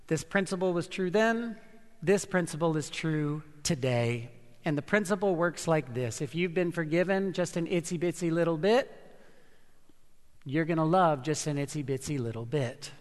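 A man preaching a sermon, earnest and emphatic, with slow dramatic pauses. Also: a little high, expressive, big-room sound. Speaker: pastor.

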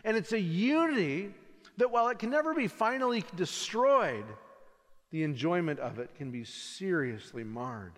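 A pastor delivering a sermon in a measured preaching manner, slowing and dropping his voice for emphasis. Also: sits high, animated. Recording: long hall reverb.

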